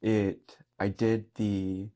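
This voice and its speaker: A man's voice: lowish voice, level tone, very slow, mellow. A young man, a Catholic priest, telling a personal story in earnest conversation and laughing often. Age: young adult.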